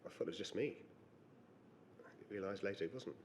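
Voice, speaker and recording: A middle-aged man giving personal testimony on a panel, halting and reflective with pauses and fillers. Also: low voice, noisy background. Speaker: panel witness.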